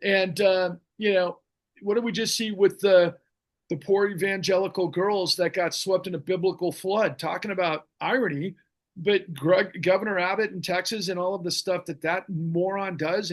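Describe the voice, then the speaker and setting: Fiery high-voiced man ranting. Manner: ranting, fiery, rambling with restarts. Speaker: podcast host. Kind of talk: impassioned political talk.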